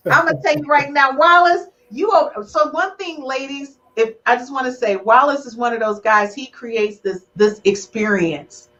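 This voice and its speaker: Woman host chatting on a love podcast, kinda high voice, teasing and emotional, dull lo-fi audio. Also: normal speed, few pauses, fairly bright tone. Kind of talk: lively relationship podcast chat.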